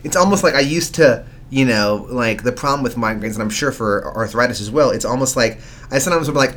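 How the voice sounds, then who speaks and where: A man's voice: medium pitch, quick pace, a bit bright. A man talking as a podcast guest in casual chat, candid and rambling, with casual swearing.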